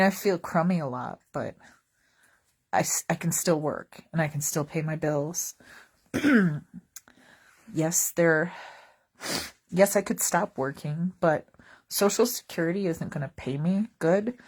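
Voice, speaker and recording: Wry, lower-voiced woman telling stories. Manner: wry, joking, rambling asides. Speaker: vlogger. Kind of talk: casual comedic storytelling.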